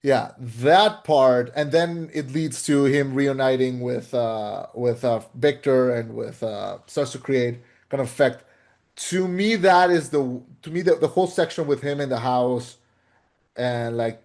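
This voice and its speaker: A man co-hosting a movie review podcast, speaking in a measured, hesitant way with many fillers. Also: medium pitch, darkish tone. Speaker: podcast co-host. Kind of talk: casual movie review chat.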